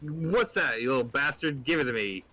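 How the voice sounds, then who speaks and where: A man voicing a boastful, greedy male bear in a spoken joke, loud and drawn-out. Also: mid-range voice, lively intonation.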